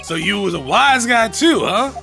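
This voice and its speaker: A brash, hotheaded gangster biker, as a man puts him on while reading a game, barking threats in rough slang. The voice sits high and swings hard, with a gravelly edge. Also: sing-song, moderate pace, bright, forceful tone, faint music behind, full character voice. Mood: menacing. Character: loud tough-talking male gangster biker, hotheaded.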